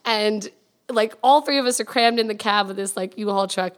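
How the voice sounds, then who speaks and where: A young woman telling a personal story in quick, casual speech, full of fillers and swearing. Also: medium pitch. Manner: rapid, filler-heavy, animated and swearing. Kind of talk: casual spoken anecdote.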